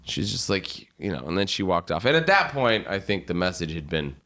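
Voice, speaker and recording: Animated profane man telling stories. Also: low voice, fairly quick. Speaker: podcast guest. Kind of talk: casual storytelling.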